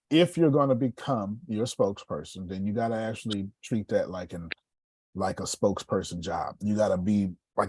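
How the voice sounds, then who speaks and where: Animated husky-voiced man coaching. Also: on the low side, no room sound. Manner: animated, preachy, playful, throws questions at the room. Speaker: sales coach. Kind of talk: live coaching session.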